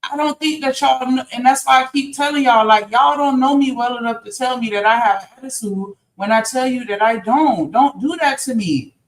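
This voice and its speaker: A woman with a high voice defends herself passionately on an online panel, recorded in an echoey room. She insists on her point and keeps circling back to it. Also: moderate pace, few pauses. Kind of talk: heated panel discussion.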